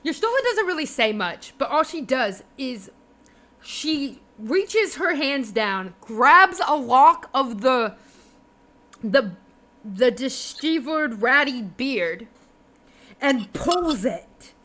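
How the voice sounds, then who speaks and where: Slow-talking woman game master. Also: high-pitched, big pitch swings, sharp tone. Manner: rambling, with many fillers and laughs. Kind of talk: narrating a tabletop game on a stream.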